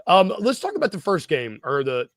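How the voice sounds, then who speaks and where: Lively, joking male podcast host. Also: high-pitched, normal speed, no room sound. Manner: jokey, self-deprecating, rambling. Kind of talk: casual sports podcast chat.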